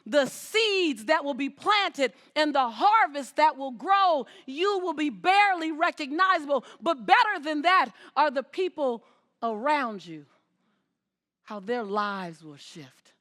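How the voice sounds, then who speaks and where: A woman's voice: high voice, lively intonation, slow, fairly bright tone. A woman giving an inspirational talk on stage before a live audience, speaking emphatically, repeating her phrases and calling out to the crowd. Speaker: motivational speaker.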